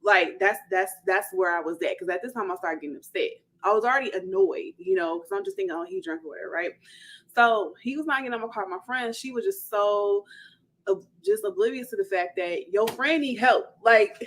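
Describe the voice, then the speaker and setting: A woman vlogger telling a personal story in a casual, animated way, full of fillers and quoted dialogue. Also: mid-range voice, a little fast, poor audio. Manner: animated retelling, quoting others, many fillers.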